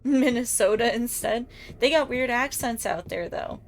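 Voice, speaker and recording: A woman's voice: on the high side, unhurried, a little hiss or hum. A woman with an Ohio accent chatting casually and joking with profanity while streaming a game. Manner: joking, profane banter with chat.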